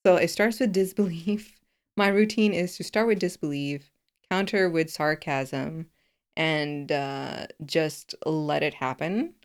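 Female co-host, slightly low pitch, chatty and expressive, laughs easily. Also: slow, clean tone. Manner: expressive and laughing, talks things through aloud. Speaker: podcast co-host. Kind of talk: casual chat.

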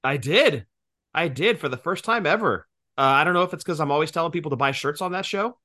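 A man's voice: fairly high pitch, animated, fast, sharp tone. A man in his forties co-hosting a podcast, joking and profane in casual banter, explaining things at length. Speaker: podcast co-host.

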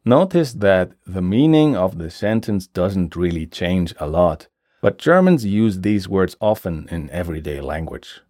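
A man teaching a grammar lesson, explaining slowly and clearly with examples. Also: sits low, sing-song, a little mellow. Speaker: language teacher.

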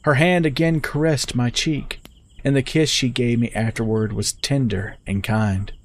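A man telling a story in the first person with steady, measured scripted narration. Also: medium pitch.

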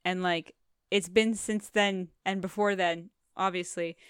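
A woman co-hosting a casual podcast, chatting about a film with a wry, joking manner and lots of quick agreement. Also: lowish voice, fairly even intonation, smooth, dry recording, studio quality. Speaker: podcast co-host. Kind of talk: casual movie recap chat.

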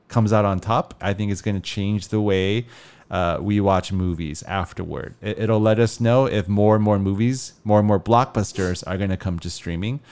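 A man hosts a relaxed movie podcast in a smooth, resonant voice that sits a little low. He sounds upbeat and reads the show notices briskly. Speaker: podcast host. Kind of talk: casual movie podcast chat.

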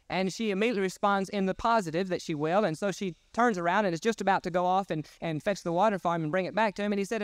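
A male pastor preaching a sermon in an emphatic, folksy storytelling way. His voice is high and clear. The recording is close and dry. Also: quick pace, few pauses, no room sound. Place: church service.

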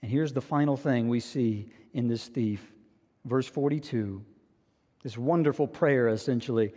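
A man's voice: mid-range voice, unhurried, mellow, in a large hall. A man preaching a sermon as a pastor, earnest and repeating key phrases for emphasis.

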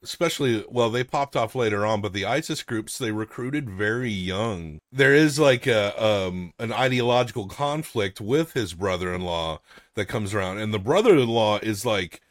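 A man's voice: fairly low pitch, expressive, moderate pace, dry recording. Rambling young man, dry close voice. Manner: rambling, swearing, frequent fillers. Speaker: podcast host. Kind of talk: casual movie review chat.

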